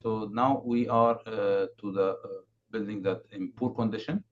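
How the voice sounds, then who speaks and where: A man giving a consultant's presentation at a council meeting, halting with many fillers and restarts. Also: on the low side, steady tone. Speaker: building condition consultant presenting. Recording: dull lo-fi remote audio, faint noise.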